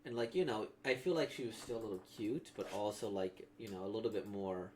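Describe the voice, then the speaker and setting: A man's voice: on the low side, a little fast, darkish tone, a little hiss or hum. A man reacting to a comic he has just read, talking casually in a rambling way full of fillers. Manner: rambling, filler-heavy talk. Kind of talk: casual commentary.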